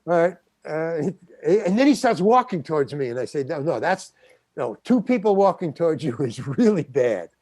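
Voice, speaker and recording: An older man tells a story as an interview guest, slightly high-pitched and close to a dry mic. He stammers, restarts and performs the other people's voices as he goes. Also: moderate pace, no room sound. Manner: animated, acts out quoted voices, stammers and restarts. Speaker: guest actor.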